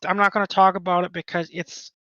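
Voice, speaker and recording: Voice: medium pitch, little pitch movement, fast talker, pushed and bright, no echo, muffled recording. A podcast co-host in casual chat, rambling with lots of "like" and restarts.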